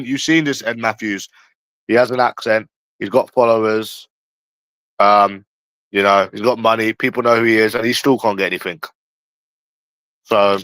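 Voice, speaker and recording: A man's voice: fairly low pitch, fairly even intonation, normal speed, pauses often, a bit bright, no echo, rough recording. Blunt, swearing man ranting. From England. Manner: blunt and profane, talks straight to a chat viewer. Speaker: livestream host. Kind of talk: casual livestream rant.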